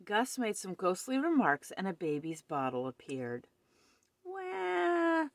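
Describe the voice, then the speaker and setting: A woman reading a children's picture book aloud at home with expressive storytelling. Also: fairly low pitch, moderate pace, dry recording.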